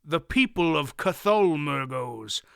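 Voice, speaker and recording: A man's voice: on the high side, lively intonation, slow pace, gravelly, clean tone, no room sound, clean studio sound, heavily acted. Audiobook: a man voicing a shrewd old man posing as a doddering, wheezy fool. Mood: guarded. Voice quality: wheezy, cracking cackle. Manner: quiet and terse, then doddering. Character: old male storyteller feigning feeble senility.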